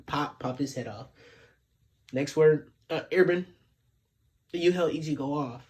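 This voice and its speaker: A man's voice: on the high side, measured pace, darkish tone. A man casually recapping an anime episode in a laid-back, slangy way, retelling scenes with lots of filler.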